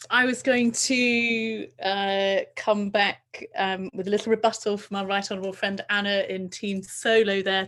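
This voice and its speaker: A woman with a mid-range voice shares a story on an online panel. She starts hesitantly, with many fillers, then picks up. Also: medium pitch.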